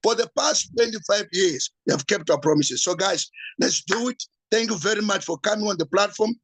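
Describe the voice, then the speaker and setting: A man, a pastor, giving an urgent, repetitive sales pitch at an evening meeting. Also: brisk, fairly bright tone, no room sound, low-quality recording. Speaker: pastor promoting a business.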